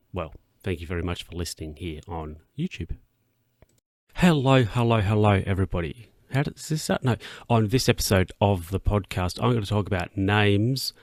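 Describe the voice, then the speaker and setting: Low gravelly man rambling on a podcast. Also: no echo, studio quality. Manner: rambling, self-interrupting, chuckling, voices his own thoughts in a high put-on tone. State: yawning. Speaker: podcast host. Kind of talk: casual solo podcast riffing.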